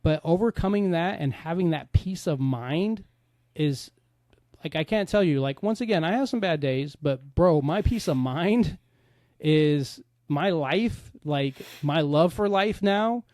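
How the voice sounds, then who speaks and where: A man's voice: a little high, lively intonation, a little slow, darkish tone, no echo, studio quality. A man in casual podcast chat, talking candidly and bluntly, swearing freely.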